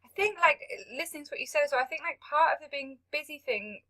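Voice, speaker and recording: An English woman hosts a relaxed podcast chat, talking at a quick clip in a bright voice. She keeps acting out little snatches of dialogue as she makes her points. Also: high-pitched. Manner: quick, chatty, acts out dialogue. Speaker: podcast host. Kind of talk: casual podcast conversation.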